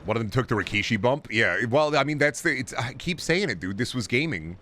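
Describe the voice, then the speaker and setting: A man's voice: medium pitch, lively intonation, fairly quick, bright, forceful tone, a little hiss or hum. A man streaming a shooter game, talking to his chat in a profane, blunt and mocking way. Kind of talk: casual game commentary to chat.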